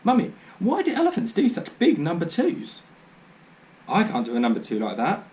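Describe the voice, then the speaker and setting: Man voicing a little boy, high, lively, earnest, inquisitive, storybook. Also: normal speed. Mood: awed. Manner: earnest, insistent chatter.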